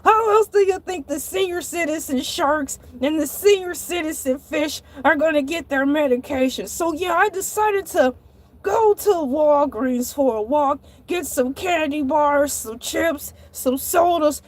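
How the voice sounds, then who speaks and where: A woman playing Hercules, a shrill dramatic shark. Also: a little slow. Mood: annoyed. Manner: dramatic, exasperated, bursts into shouting. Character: excitable male cartoon shark who walks on land. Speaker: show host. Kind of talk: comic monologue storytelling.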